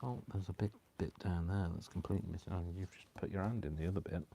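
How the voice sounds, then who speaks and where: A man with a deep, low voice chats casually through a live crafting session. He rambles and talks to himself as he works. He apologizes often and keeps the talk loose and unscripted. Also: fast talker, gravelly, warm tone, slightly rough. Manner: rambling, self-talking, apologetic. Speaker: craft channel host.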